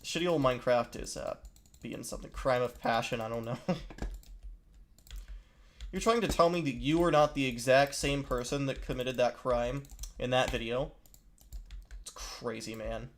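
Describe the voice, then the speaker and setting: A man's voice: mid-range voice, moderate pace, pauses often, a little hiss or hum. A young man giving crude, joking commentary while gaming, often breaking into improvised singing. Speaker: gaming video creator.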